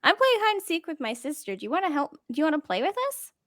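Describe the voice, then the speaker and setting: A woman's voice: high-pitched, big pitch swings, fast, fairly bright tone, no echo, voice pushed up. Woman voicing cheerful ten-year-old halfling boy, polite, dry mic. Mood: friendly. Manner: sweet, polite, eager. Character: young halfling boy, about ten, playful.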